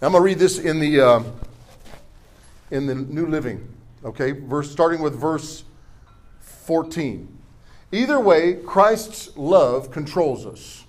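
A middle-aged man preaching a sermon, reading scripture and leading call-and-response with the congregation, with humorous asides and forceful declarations. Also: on the high side, animated, slow pace, long pauses. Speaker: pastor.

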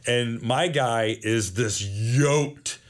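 A man's voice: mid-range voice, drawn-out words. A man in his thirties, a podcast guest, telling a long story in casual chat and acting out other people's lines. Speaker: guest, magazine founder.

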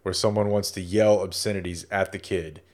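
Male podcast co-host, low voice, wry humor, casual chat. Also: steady tone, brisk, darkish tone. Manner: wry, joking.

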